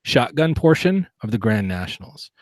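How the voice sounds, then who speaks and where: A man's voice: mid-range voice, big pitch swings, moderate pace, dry recording, clean studio sound. A man talking as a guest on a casual podcast interview, earnest and reflective, often restarting his sentences. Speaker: guest, competitive shooter.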